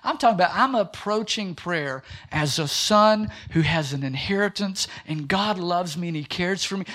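A man's voice: sits high, moderate pace, hardly any pauses. A man preaching a sermon in a church, reading scripture and joking with his congregation. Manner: humorous, animated preaching. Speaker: pastor.

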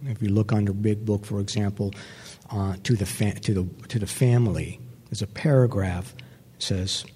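A man giving a personal recovery testimony to an audience, speaking reflectively and pausing often with fillers. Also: lowish voice, fairly even intonation, warm tone, breathy edge. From New York. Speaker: speaker sharing his recovery story. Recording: long hall reverb.

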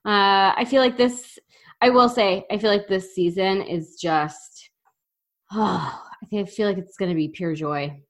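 A woman's voice: medium pitch, a little slow. A woman co-hosting a podcast in casual chat, enthusiastic and chatty, often restarting her sentences. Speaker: podcast co-host.

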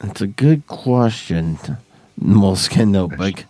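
A man's voice: sits low, lively intonation, a little slow, warm tone, dry recording, soft background music. A man hosting a podcast from a garage studio, rambling and laughing through tipsy banter. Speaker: podcast host. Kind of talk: casual chat.

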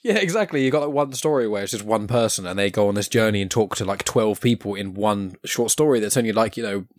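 A man's voice: fairly low pitch, animated, fast, no echo, studio quality. A man chatting casually on a podcast, talking in a hesitant, filler-heavy way.

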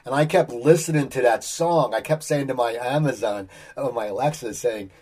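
A man's voice: medium pitch, moderate pace, darkish tone, breathy edge. A man hosting a podcast, talking eagerly in casual chat. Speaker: podcast host.

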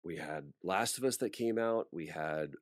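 Male voice actor, deep and dry-miked, a relaxed interview guest who brings his anecdotes to life. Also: normal speed, no echo. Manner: animated storyteller acting out quoted voices. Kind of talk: casual interview storytelling.

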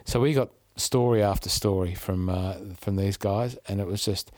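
Chatty Australian man, low voice. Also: normal speed, a little mellow, dry recording, clean studio sound. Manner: chatty storyteller, upbeat, restarts mid-phrase. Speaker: podcast host. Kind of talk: casual travel chat.

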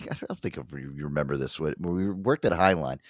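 A man talks loosely into a studio mic, his pitch bouncing up and down as he tells stories. He swears freely and keeps breaking into quick impressions of friends. The sound is close and dry, with no room around it. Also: dry recording. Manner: animated storyteller, swears freely, slips into impressions. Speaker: radio show host. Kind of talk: loose casual banter with crude humor. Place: small studio.

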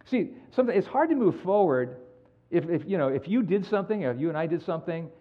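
A man preaching a sermon as pastor, animated and acting out the people in his stories. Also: high-pitched, fast, muffled recording. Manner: animated storytelling, acts out quoted dialogue.

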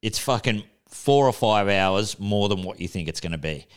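Young Aussie man, low smooth voice, relaxed storyteller on a podcast. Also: moderate pace. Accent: Australian. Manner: laid-back storytelling, swears freely. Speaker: podcast co-host. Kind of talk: casual chat.

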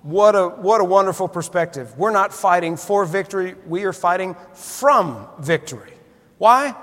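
A man's voice: high-pitched, expressive, normal speed, a bit bright. A man preaching a sermon, telling a folksy story and building to fervent emphasis. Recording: long hall reverb.

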